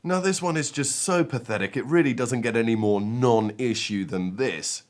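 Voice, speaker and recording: A man's voice: medium pitch, normal speed, a little hiss or hum. A man delivering scripted video commentary in a contemptuous, mocking rant.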